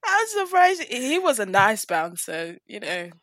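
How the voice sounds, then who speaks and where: A woman gives her take on a TV series in casual, emphatic chat, leaning on repeated words. Her voice is bright and sharp, and the recording is dry and close. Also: on the high side, sing-song, a little slow, no echo. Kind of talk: casual chat reviewing a TV show.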